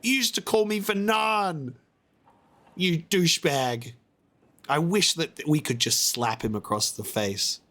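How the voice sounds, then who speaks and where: A man's voice: a little high, slow, a bit bright. A man reacting to a video game as a let's-play host, exasperated and rambling, often swearing.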